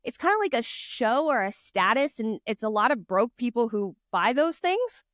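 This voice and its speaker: Female guest, chatty and earnest, higher voice, dry close sound. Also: big pitch swings, normal speed, fairly bright tone, no echo. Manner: earnest, encouraging, chatty storytelling. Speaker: guest author. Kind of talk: casual podcast chat.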